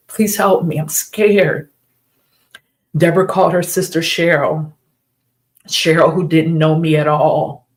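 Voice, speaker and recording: A middle-aged woman hosting a live stream, telling a personal story in an earnest, emphatic way and repeating key phrases. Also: low voice.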